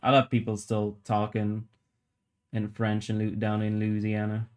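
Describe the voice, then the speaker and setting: Low, flat-voiced man chatting casually. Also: normal speed. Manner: rambling, joking, reads chat aloud; swears casually. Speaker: livestreamer sculpting while chatting. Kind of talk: casual chat with live viewers.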